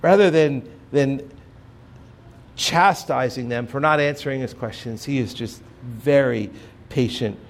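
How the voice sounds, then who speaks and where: A man preaching a sermon as pastor, earnest and measured, dropping soft and low on key phrases.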